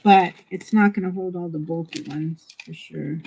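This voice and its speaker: A woman's voice: lowish voice, fairly even intonation, moderate pace, vocal fry, darkish tone, a little hiss or hum, low-quality recording. A woman chatting casually on her art livestream, talking easily and laughing often. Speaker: art streamer.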